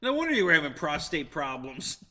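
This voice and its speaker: A man in casual live-stream chat, his voice bright and pitched a little high, bouncing up and down as he talks. He laughs often and chuckles between remarks. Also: sing-song, moderate pace. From United States. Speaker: host. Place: indoors, heated tent.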